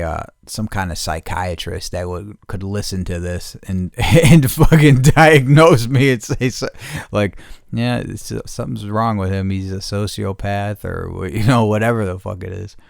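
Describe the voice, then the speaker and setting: A man hosting a casual solo podcast, rambling and profane, correcting himself mid-sentence and jumping into loud excited bursts. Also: deep voice, moderate pace, gravelly, no room sound, studio quality. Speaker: podcast host.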